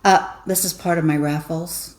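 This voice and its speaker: A woman's voice: low-pitched, steady tone, normal speed. A woman co-hosting a casual craft chat, talkative, with restarts and little laughs. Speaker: co-host. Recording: echoey room with faint noise.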